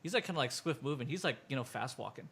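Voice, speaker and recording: A man's voice: mid-range voice, lively intonation, quick pace, gravelly, a bit bright, slightly rough. A man narrating a tabletop game as game master, rambling with lots of fillers.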